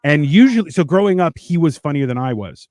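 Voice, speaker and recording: A man's voice: a little high, lively intonation, a little fast, a little mellow, no room sound. A man on a casual podcast chat, blunt and crude, telling jokey stories. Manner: jokey, storytelling. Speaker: podcast co-host.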